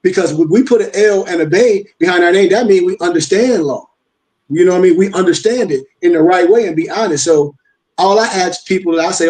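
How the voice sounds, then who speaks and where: A man's voice: high voice, fairly quick, darkish tone, low-quality recording. An older man, hosting a casual live-stream discussion, emphatic and preachy, firing rhetorical questions and repeating himself. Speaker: host. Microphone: video call.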